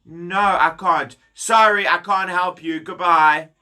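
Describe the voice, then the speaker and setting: A man voicing a fair, businesslike king in a children's story, brisk and matter-of-fact. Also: sits high, steady tone, bright, forceful tone, clear, resonant tone, full character voice.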